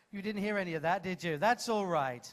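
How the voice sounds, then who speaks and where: A man's voice: high voice, slight background noise. A man hosting a live comedy show, coaching a volunteer from the audience with playful, teasing patter on a cruise ship stage.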